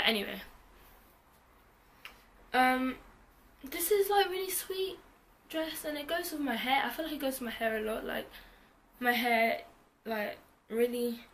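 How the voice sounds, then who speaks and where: A woman's voice: a little high, a little hiss or hum. Bubbly rambling woman vlogger. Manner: bubbly, rambling, self-mocking, heavy use of "like". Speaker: fashion vlogger. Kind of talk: chatty try-on haul vlog. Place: home.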